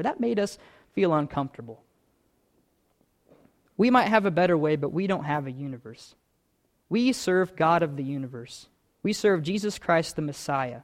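A man's voice: on the high side, lively intonation, moderate pace, long pauses. A man preaching a sermon as pastor, earnest, stacking repeated phrases that build in intensity.

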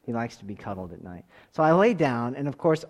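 A man in his thirties leading a church class, telling a story in a relaxed way, with soft asides and emphatic bursts. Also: mid-range voice, a little fast. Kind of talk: sermon-style Bible lesson.

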